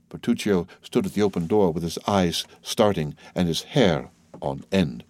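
A man narrating a classic novel audiobook in a steady, even storytelling voice. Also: sits low, normal speed, no room sound.

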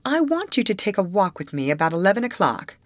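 A woman's voice: mid-range voice, very animated, fast, dry recording, studio quality, voice pushed up, natural voice. A woman voicing a spoiled, vain young lady in a storybook reading, with a haughty, teasing manner. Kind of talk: audiobook character voice.

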